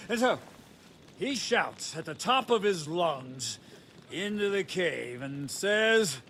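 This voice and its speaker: A jovial, high-voiced medieval knight. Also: male voice, big pitch swings, slow pace, a bit bright, a little hiss or hum, heavily acted. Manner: hearty, theatrical, laughing storyteller. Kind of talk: video game voice acting. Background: faint game music.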